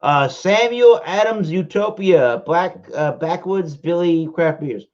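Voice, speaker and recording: A man's voice: a little high, takes it slowly, a little mellow. A man hosting a casual beer review livestream, calling out to a guest whose audio has dropped. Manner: repeats a guest's name to check the line. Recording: dull lo-fi stream audio.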